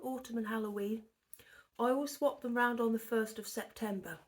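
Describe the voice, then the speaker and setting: A woman's voice: fairly high pitch, steady tone, normal speed. Chatty woman showing her knitting. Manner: chatty and rambling, often dropping to a near whisper. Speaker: knitting podcast host. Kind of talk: casual show-and-tell chat. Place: living room at home by a bay window.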